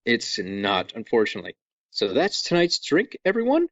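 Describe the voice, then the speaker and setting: A man hosting a podcast in a casual, jokey way, walking listeners through things with lively asides. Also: medium pitch, normal speed, no echo, highs cut off. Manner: jokey, animated, over-explaining. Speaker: podcast host.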